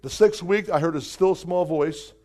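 A male preacher telling a testimony in a sermon, lively and dotted with hallelujahs and chuckles. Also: high voice, moderate pace. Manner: animated, exclamations of hallelujah, chuckles.

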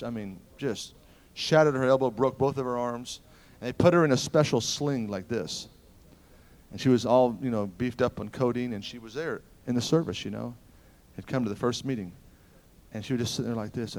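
A man with a mid-range voice preaches a sermon, telling stories animatedly and swinging between loud exclamations and hushed asides.

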